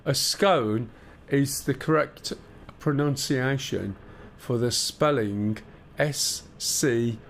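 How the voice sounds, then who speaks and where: With a Black Country accent from the English Midlands, a man streams live and talks casually to viewers, chatting and joking as he explains cockpit start-up procedures. His medium-pitched voice moves slowly with few pauses over slight background noise.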